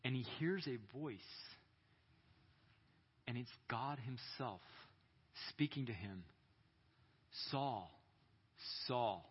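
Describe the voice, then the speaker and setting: A man preaching at a youth conference, retelling a story with dramatic pauses and acted-out voices. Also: mid-range voice, animated, slightly rough. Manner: dramatic storytelling, acting out quoted prayers and voices. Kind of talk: sermon. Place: large hall. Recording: echoey hall, dull sound.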